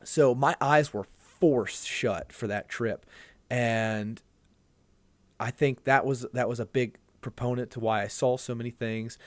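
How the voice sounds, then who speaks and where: A man's voice: medium pitch, dry recording. Earnest rambling man, very dry sound. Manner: rambling, earnest storytelling with many restarts. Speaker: podcast guest. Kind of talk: casual conversation.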